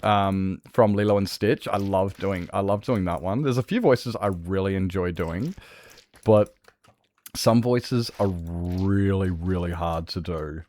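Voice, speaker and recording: A man's voice: deep voice, unhurried, a little mellow. A man rambling casually on a game stream from his bedroom, restarting sentences and swearing freely. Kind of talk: casual stream chat while gaming.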